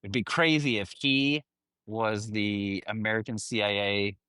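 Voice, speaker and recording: A man's voice: on the low side, fairly even intonation, a little slow, sharp tone, clear, resonant tone, no room sound, clean studio sound. A man co-hosting a casual podcast, talking with gushing enthusiasm. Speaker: podcast co-host. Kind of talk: casual chat.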